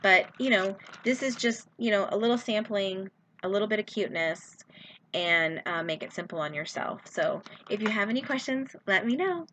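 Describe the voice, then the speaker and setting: A woman's voice: mid-range voice, lively intonation, moderate pace, a bit bright, slight background noise. A woman chatting casually in a how-to video, full of fillers and asides as she shows how she prepares product samples. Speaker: direct sales consultant.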